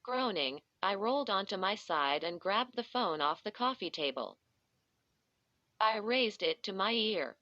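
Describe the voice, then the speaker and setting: Slow, bright-voiced woman reading a story. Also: mid-range voice, expressive, no echo. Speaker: audiobook narrator. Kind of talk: first-person story reading. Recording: dull lo-fi dry recording.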